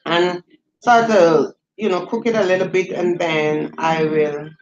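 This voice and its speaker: A middle-aged Jamaican woman hosting a casual livestream. She talks in a relaxed, chatty way, reading out viewer comments and answering them between stories. Her Jamaican accent runs through everything she says. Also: lowish voice, measured pace, reverberant, highs cut off, a crowd in the background. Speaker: livestream host.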